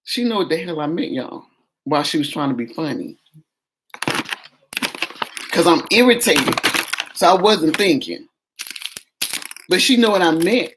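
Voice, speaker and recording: A woman vlogger telling a story in a casual, animated and exasperated way, talking straight to her viewers. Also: lowish voice, measured pace, long pauses, background noise.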